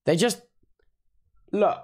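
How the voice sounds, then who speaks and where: Man, livestreamer, sleep-deprived, playful teasing, slow drawn-out delivery. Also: darkish tone. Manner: playful, exaggerated reactions, teasing chat. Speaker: livestreamer reviewing unban requests. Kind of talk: casual livestream commentary.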